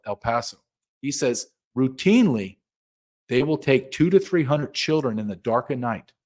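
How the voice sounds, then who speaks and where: A middle-aged man talks as an interview guest, with an average, mid-range pitch. His delivery is urgent and emphatic. He presses each point hard and insistently. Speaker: guest, former border agent. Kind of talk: impassioned interview talk.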